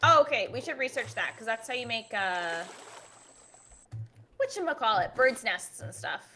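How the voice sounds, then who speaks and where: A woman's voice: fairly high pitch, animated, moderate pace, sharp tone, a little hiss or hum. A woman in a casual co-op gaming chat, chatty and playful, with lots of filler words. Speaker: co-op gaming partner.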